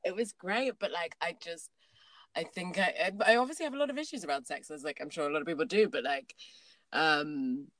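Woman, thirties, low voice, dry close sound, casual rambling chat. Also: fairly quick, a bit bright, no room sound. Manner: candid, rambling, laughs often.

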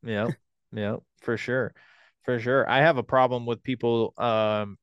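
Laid back podcast host guy, smooth clear voice, agrees a lot, dry sound. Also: medium pitch, steady tone, no room sound, muffled recording. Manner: easygoing, agreeable, quick to say yeah and for sure. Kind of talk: casual podcast interview.

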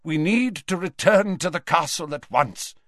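A man voicing a weakened, elderly wizard who stays calm and in command, speaking slowly and quietly. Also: on the high side, no room sound, studio quality, voice pushed up.

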